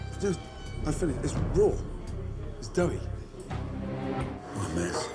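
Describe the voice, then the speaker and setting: A man's voice: mid-range voice, big pitch swings, slow pace, over loud music. A man, a celebrity chef in a reality TV clip, speaking bluntly and expressively.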